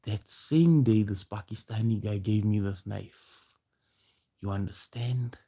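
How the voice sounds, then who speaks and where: A man's voice: on the low side, a little slow, dark tone, slightly rough. A man delivering a heated, confrontational rant to camera, firing off challenging rhetorical questions. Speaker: vlogger.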